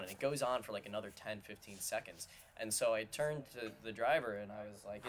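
A man co-hosting a podcast, telling a lively story in casual chat. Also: fairly low pitch, fast talker, hardly any pauses, noisy background. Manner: animated storytelling, often quoting others. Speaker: podcast co-host.

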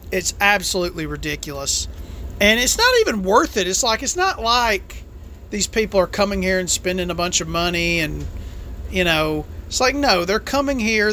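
A woman who drives a truck, hosting a solo podcast and complaining angrily, full of curses, with a lively, jumpy delivery. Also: fairly low pitch, a little hiss or hum. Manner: profane, angry complaining.

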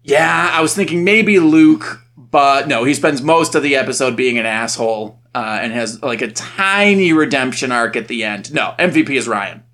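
A man co-hosting a podcast from a home setup, chatting casually in an animated way, swearing freely and laughing easily. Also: mid-range voice, moderate pace, hardly any pauses. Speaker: podcast co-host. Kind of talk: casual chat.

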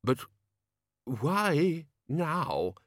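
A man's voice: on the high side, very animated, very slow, dry recording, studio quality, pitched above the performer's own voice, exaggerated voice. A man voicing an anxious, cautious male wizard who talks in a worried way.

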